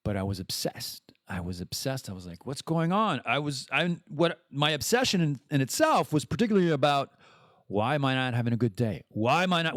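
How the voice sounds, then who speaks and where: A man's voice: medium pitch, lively intonation, brisk, fairly bright tone, dry recording, clean studio sound. A man hosting a podcast, talking in a rambling, casual monologue full of restarts and the odd swear word. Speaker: podcast host.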